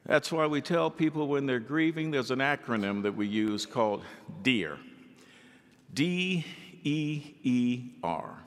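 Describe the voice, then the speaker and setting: A male pastor preaching a sermon in an animated way, acting out the people he quotes. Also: mid-range voice, slow pace, big-room sound.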